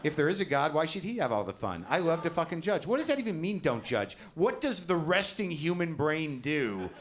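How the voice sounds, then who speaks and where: A middle-aged man doing a stand-up set on a comedy club stage, ranting and mocking himself with lots of swearing and shouted punchlines. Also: on the high side, big pitch swings, a little fast. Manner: ranting, self-deprecating, profane, rising to shouts on punchlines. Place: comedy club stage before a live audience. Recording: live show with loud crowd laughter. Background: audience laughter.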